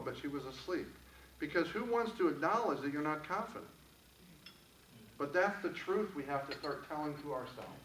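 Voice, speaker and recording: A man's voice: a little high, a bit bright, far from the mic, a little hiss or hum. A man giving an earnest motivational talk to a live audience, telling stories and guiding listeners through a breathing exercise. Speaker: motivational speaker. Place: event room. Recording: echoey room, voice from afar.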